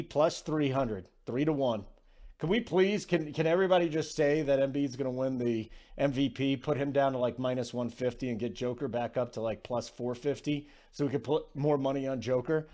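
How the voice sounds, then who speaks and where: A man hosting a sports betting radio show, talking casually with quick asides and self-deprecating jokes. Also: mid-range voice, darkish tone.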